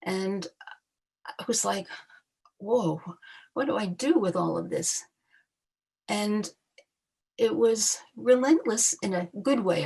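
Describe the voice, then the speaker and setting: A woman in her eighties telling her own life story on a video call, reflective and halting, often restarting her sentences. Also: fairly low pitch, vocal fry, husky, poor audio. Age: 80s. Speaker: memoir author. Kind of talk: personal storytelling at a book launch. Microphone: computer mic on a video call.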